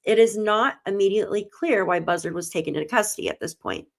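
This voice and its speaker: A woman hosting a live true crime stream, her voice at an ordinary middle pitch. She greets her chat by name and reads a news report aloud, close to tears as she goes. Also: fast, vocal fry. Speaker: true crime channel host.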